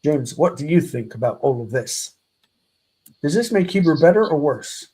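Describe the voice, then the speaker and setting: A man teaching a live grammar lesson, slowly explaining and repeating example words patiently. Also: fairly high pitch, big pitch swings, dark tone, slightly rough, rough recording. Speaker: Hebrew teacher.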